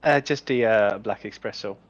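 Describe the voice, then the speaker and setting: A man's voice: lowish voice, moderate pace, no echo, lo-fi sound, soft background music. A man playing a tabletop role-playing game, laughing often and answering in a prim, polite character voice. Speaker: player. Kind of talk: casual tabletop role-play.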